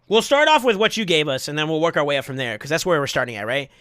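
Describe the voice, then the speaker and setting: A man streaming live, casually chatting and thanking viewers, excitable with sudden yells, his voice going hoarse from yelling. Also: fairly high pitch, quick pace, no room sound, clean studio sound.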